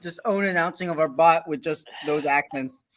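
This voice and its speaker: A man's voice: fairly high pitch, moderate pace, fairly bright tone. Eager man on a video call. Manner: eager, stumbling restarts. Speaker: robot combat builder. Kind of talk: casual livestream chat.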